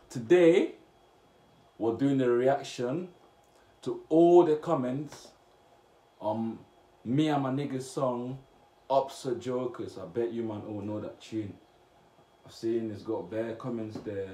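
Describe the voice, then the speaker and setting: A young man from Cameroon, chatting casually as he reacts to comments on his vlog, blunt and slangy with sudden loud outbursts. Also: medium pitch, measured pace, long pauses. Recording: echoey room with faint noise.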